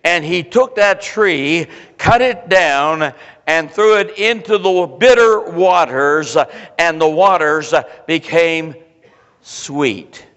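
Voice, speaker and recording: High-voiced older preacher in a reverberant church. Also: male voice, takes it slowly, a bit bright, smooth. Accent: Pennsylvania. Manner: preachy, filler-heavy, voices the crowd's complaints. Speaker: pastor. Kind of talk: sermon. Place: church sanctuary.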